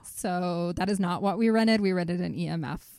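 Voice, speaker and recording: A woman's voice: fairly low pitch, normal speed, a little mellow, smooth, no echo. Giggly woman podcast co-host, dry close sound. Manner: giggly, self-deprecating. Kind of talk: casual chat.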